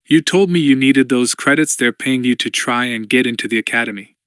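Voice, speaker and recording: A man voicing a weary, anxious young woman who speaks softly and hesitantly in an audiobook. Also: mid-range voice, a little fast, smooth, no echo, studio quality, lightly acted. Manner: soft, pleading, uncertain.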